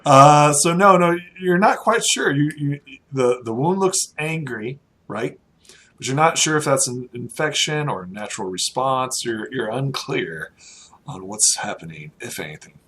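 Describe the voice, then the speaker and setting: A man's voice: mid-range voice, expressive, unhurried, a bit bright, husky. A man narrating a tabletop game as game master in a casual, laid-back way with frequent fillers.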